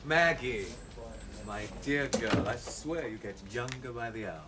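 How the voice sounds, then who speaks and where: An actor playing a smooth, sly, flirtatious male club owner in a TV drama. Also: medium pitch, animated, a little slow, very noisy, lightly acted. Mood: smarmy. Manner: smarmy, flirtatious.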